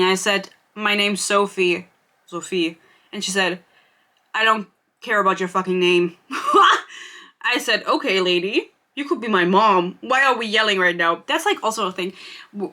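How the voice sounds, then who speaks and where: A woman's voice: mid-range voice, bright, forceful tone. A young woman hosting a casual book-gossip podcast, chatty and self-mocking, swearing freely. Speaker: podcast host. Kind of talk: casual chat.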